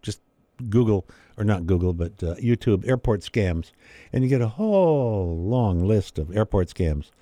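A man with a low, dark voice chats easily, telling anecdotes and acting out quoted exchanges. The recording is dry and close-miked. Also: big pitch swings, measured pace, no room sound. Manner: chatty storyteller, acts out quoted voices with laughs. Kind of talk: casual conversation.

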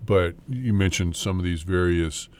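A man's voice: low-pitched, normal speed, a little mellow. A middle-aged man hosting a morning radio interview, joking and teasing his guest and laughing often. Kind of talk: casual on-air interview.

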